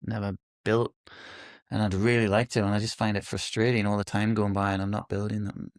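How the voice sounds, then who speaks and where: A man's voice: lowish voice, little pitch movement, a little fast, no echo, studio quality. A middle-aged man from the UK, a podcast guest talking thoughtfully and hesitantly, with many fillers and restarts. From United Kingdom. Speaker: podcast guest, company founder. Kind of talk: casual interview conversation.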